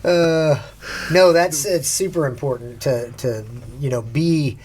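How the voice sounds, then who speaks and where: A male co-host tells anecdotes in a relaxed, chatty way. He often chimes in with short agreement while his partner talks. His voice sits a bit higher than most men's. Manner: chatty storyteller, lots of quick agreement. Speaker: podcast co-host and paramedic. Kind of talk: casual conversational chat.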